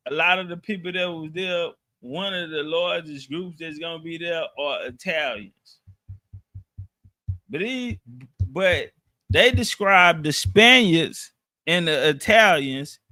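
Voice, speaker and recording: A man spins a casual, slang-heavy story with plenty of profanity and restarts. His voice sits high and bright, and he talks at an easy, slow pace. The sound is dry and close, with no room in it. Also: dry recording.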